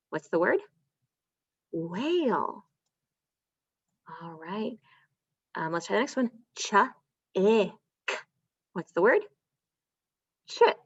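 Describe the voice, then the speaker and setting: Woman, first grade teacher, online phonics lesson, lively sing-song pitch, muffled lo-fi sound. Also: husky, no echo. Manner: slow, stretched-out sounding of letters, sing-song praise. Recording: dull, dry lo-fi sound.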